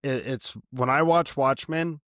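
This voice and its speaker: A man co-hosting a film podcast in casual chat, animated and laughing often, talking in long run-on thoughts. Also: mid-range voice, measured pace, dry recording, studio quality. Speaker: podcast co-host.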